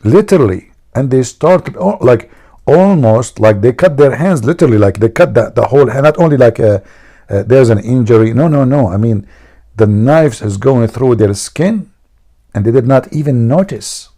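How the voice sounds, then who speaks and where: Gravelly, husky man teasing on a livestream. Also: mid-range voice, animated, moderate pace, warm tone. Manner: teasing, laughing at his own jokes. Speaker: livestream host. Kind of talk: joking livestream chat.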